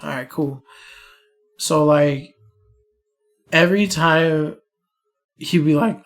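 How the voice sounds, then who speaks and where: Young male co-host, slightly raised pitch, allergy-stuffed, profane and animated storyteller. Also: slow, creaky, pauses often. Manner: profane, laughing storyteller acting out quotes. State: allergies, swollen eyes. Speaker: podcast co-host. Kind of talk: casual storytelling chat.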